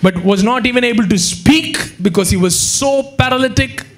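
A man preaching a sermon with an Indian English accent, animated, acting out quotes and breaking into sudden shouts. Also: very high voice, moderate pace. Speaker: pastor. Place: church hall.

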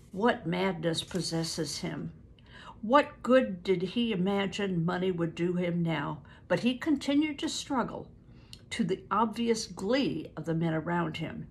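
An older woman reading a book aloud to family, pausing to explain words and stumbling over hard names. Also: lowish voice, lively intonation, vocal fry, breathy edge. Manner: stops to explain words and events.

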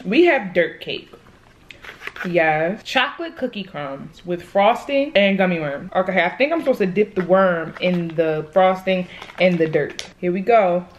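Sassy woman in her twenties, chatty vlogger, animated pitch, talks straight to viewers. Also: measured pace, dull audio, a little hiss or hum. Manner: sassy, chatty, addresses viewers as y'all and boo. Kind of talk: casual food-challenge vlog.

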